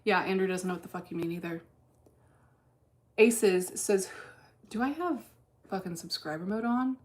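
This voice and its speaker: A woman with a medium-pitched voice hosts a casual livestream at normal speed, reading chat aloud while day trading. She's blunt and deadpan, with plenty of profanity.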